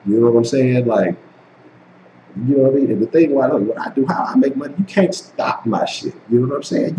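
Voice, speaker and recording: A man's voice: mid-range voice, mellow, echoey room, a little hiss or hum, low-quality recording. A man hosting a sports channel live stream, ranting profanely and slangily at his chat. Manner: profane, heated, talks to chat; slangy, keeps saying dog.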